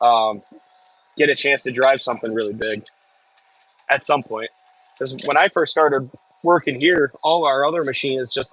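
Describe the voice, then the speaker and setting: A man's voice: mid-range voice, fairly bright tone, no room sound, poor audio. A man with a Midwestern American accent chatting casually on a live stream, reading viewer comments aloud with jokey asides. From Midwest United States. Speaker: farm worker live-streaming from an excavator.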